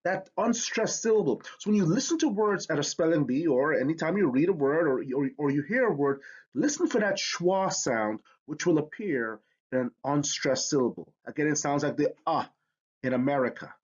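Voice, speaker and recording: A man's voice: on the high side, lively intonation, normal speed, darkish tone, breathy edge, muffled recording. A man teaching a spelling lesson, explaining with enthusiasm. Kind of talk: educational lesson.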